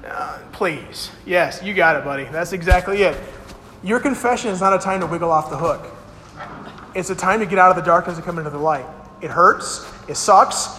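A man's voice: sits high, normal speed, sharp tone. A male pastor preaching a sermon, quizzing the congregation with yes-or-no questions and acting out the lines he quotes. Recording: long hall reverb, faint hiss.

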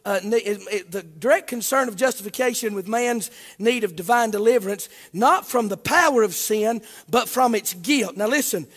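Man preaching a sermon, very high voice, quiet then shouting, sing-song, long echo of a church hall. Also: normal speed, few pauses. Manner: swings from hushed talk to shouted, chanting preaching. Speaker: Baptist preacher.

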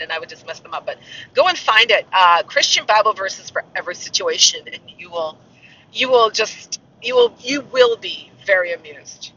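A rambling, chatty man, talking casually to his viewers in a high, very bright voice. The sound is muffled and a little distant from the mic. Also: a little hiss or hum. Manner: rambling, chatty, self-mocking asides. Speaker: castle tour guide. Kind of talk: casual vlog chat.

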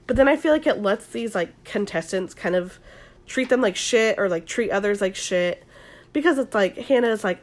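A young woman gives an ASMR-style recap of a reality dating show episode. She talks chattily, full of "like" fillers and casual swearing. Her pitch moves in lively jumps, rising high when she gets worked up. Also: moderate pace.

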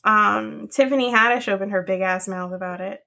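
A woman's voice: medium pitch, fairly quick, vocal fry, sharp tone. A woman co-hosting a podcast in a casual chat, bringing up gossip with wry teasing remarks. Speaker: podcast co-host.

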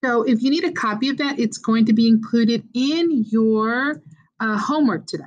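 A woman teaching a beginner Spanish lesson, slowly modeling words and prompting learners to repeat after her. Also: on the high side, muffled recording. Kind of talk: call-and-response language lesson.

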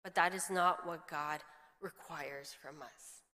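A woman's voice: low-pitched, steady tone, takes it slowly, pushed and bright. A middle-aged woman pastor giving a chatty sermon, telling stories and slipping into quoted voices, often laughing. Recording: long hall reverb.

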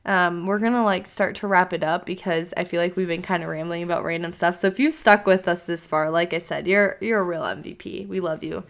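A woman's voice: lowish voice, fairly even intonation, fairly quick, gravelly, few pauses. A woman in her early twenties co-hosting a podcast, talking in a chatty way with many "like" fillers. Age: 20s. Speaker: podcast co-host. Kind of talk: casual chat.

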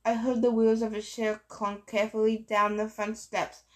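A woman reading a novel aloud in a steady first-person storytelling voice. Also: fairly high pitch, normal speed. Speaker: narrator. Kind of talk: audiobook reading.

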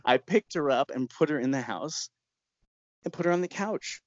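A man's voice: a little high, normal speed, no room sound. A man tells a story in an interview, laughing as he goes and slipping into other people's voices. The recording is muffled and lo-fi, with a dry, close sound. He talks like a filmmaker recounting a shoot. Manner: lively storyteller who laughs often and acts out quotes. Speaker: documentary filmmaker. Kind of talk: interview anecdote. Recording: dull, lo-fi sound.

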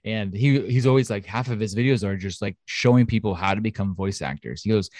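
Chatty low-voiced male podcast host. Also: brisk, hardly any pauses, a little mellow, no room sound, clean studio sound. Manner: chatty, enthusiastic, lots of fillers. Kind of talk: casual chat. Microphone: home studio mic.

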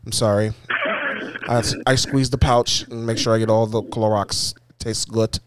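A man's voice: lowish voice, flat delivery, moderate pace, background noise, lightly acted. A man doing a rambling, boastful impression of a president, spouting absurd claims in podcast banter.

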